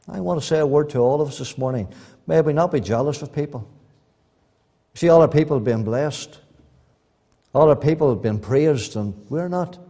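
A man preaches in a high, ringing voice. He swings from loud, rising appeals to quiet, earnest asides, and his words trail off into the long reverb of a church hall. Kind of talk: sermon.

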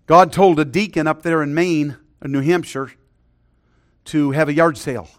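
High-voiced middle-aged male preacher. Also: fairly even intonation, moderate pace. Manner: earnest, drops to a hushed voice for stories. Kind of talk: sermon.

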